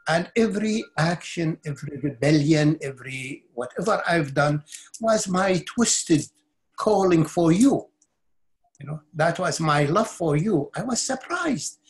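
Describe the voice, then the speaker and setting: A middle-aged man, a spiritual teacher, telling a personal story in an interview with intense earnestness, often repeating and restarting words. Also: on the high side.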